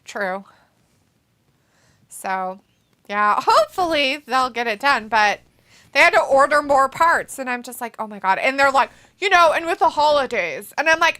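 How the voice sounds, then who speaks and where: A woman hosting a livestream in casual chat, animated and cursing freely, often laughing. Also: fairly high pitch, moderate pace. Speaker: stream host.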